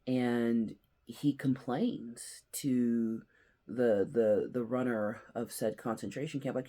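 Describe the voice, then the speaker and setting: A man hosting his own commentary show, telling a story earnestly and shifting between loud emphasis and hushed, near-whispered lines. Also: medium pitch, fairly even intonation, takes it slowly. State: emotional, near tears. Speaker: host. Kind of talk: casual commentary.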